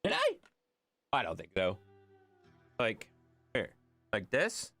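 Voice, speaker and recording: A woman's voice: a bass voice, takes it slowly, gravelly, no room sound, soft background music. A woman live-streaming a game, chatting casually and jokily with her viewers and reading their messages aloud. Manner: animated, jokey, reads chat aloud and swears freely.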